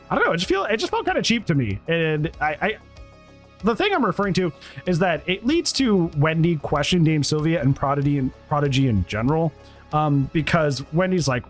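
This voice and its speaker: A man giving a casual, rambling review of a TV episode, animated and acting out bits of dialogue. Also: on the high side. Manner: animated, rambling, acts out quotes. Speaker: TV show reviewer.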